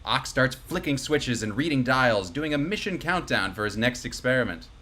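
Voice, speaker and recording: Hosting a live comedy table read, a man reads the stage directions, adding breezy asides and chuckling to the players. His mid-range voice is lively in intonation, sharp in tone, and moves at normal speed.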